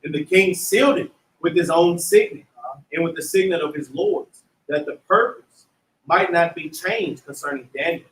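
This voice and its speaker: A man's voice: a little high, moderate pace, distant mic. A man reading scripture aloud in a Bible class, in old-style scripture wording. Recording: echoey room, away from the mic.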